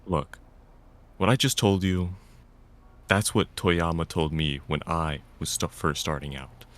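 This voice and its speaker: A man's voice: deep voice, fairly even intonation, unhurried, a bit bright. A man reading a visual novel aloud in first person, narrating and voicing the stern lead. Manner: stern and lecturing in dialogue.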